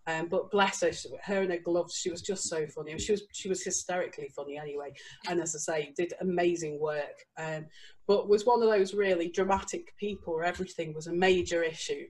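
A woman, a guest author telling a lively story and breaking into laughter and quoted voices. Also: fairly low pitch, fairly quick. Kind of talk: casual storytelling.

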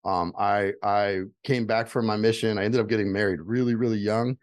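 A middle-aged man, a guest, shares a personal story candidly and earnestly in a lowish, steady voice at a brisk pace. He repeats phrases for emphasis, and his delivery rises emphatically as he builds to motivational advice. The recording is dry and studio quality.

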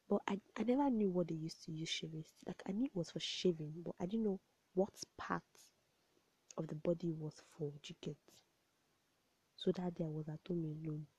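A young woman, chatting casually to camera in a rambling storytelling way, often dropping to soft asides. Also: lowish voice, breathy edge, no echo. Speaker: vlogger. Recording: dull, lo-fi home recording.

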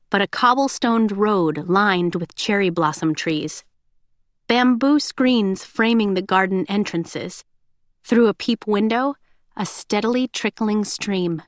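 A woman narrating a science-fiction audiobook in a steady, descriptive reading style. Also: mid-range voice, dry recording, clean studio sound. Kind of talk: scripted narration.

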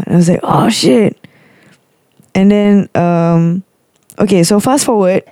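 Animated young storyteller with a Malaysian accent. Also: medium pitch, measured pace, long pauses, no room sound, clean studio sound. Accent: Malaysian English. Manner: animated, mixes Malay words into English, breaks into emotional laughter. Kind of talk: casual personal storytelling.

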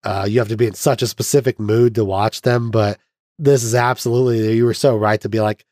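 A man's voice: fairly low pitch, steady tone, fairly quick, darkish tone, dry recording. A young man hosts a podcast and walks through a film's plot in a loose, chatty way. He slips into mock voices and laughs as he goes. His voice sounds dry and close to the mic. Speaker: podcast host. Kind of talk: casual film recap chat.

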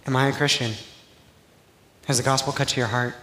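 A pastor preaching a sermon in a casual, conversational way that builds to loud, emphatic passages. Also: male voice, medium pitch, flat delivery, fairly quick. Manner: conversational preaching, rising to near-shouting emphasis. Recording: echoey live church sound, faint noise.

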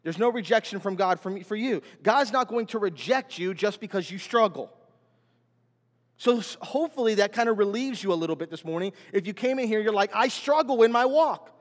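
A man's voice: high voice, animated, brisk. A man preaching a sermon as pastor, emphatic and repetitive, building in intensity. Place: church sanctuary. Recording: long hall reverb.

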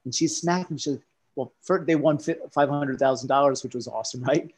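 A man talks in a casual podcast chat with a husky, slightly breathy voice. He tells animated stories and hops from one topic to the next. His pitch sits in a middle range. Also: fairly quick. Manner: animated storyteller who jumps between topics.

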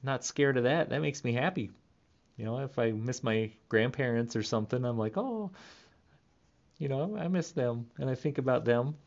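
A man in his thirties rambling playfully in a casual monologue, laughing often and jumping into squeaky voices for quoted lines. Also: steady tone, a little fast, gravelly, lo-fi sound. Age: 30s. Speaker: podcast host.

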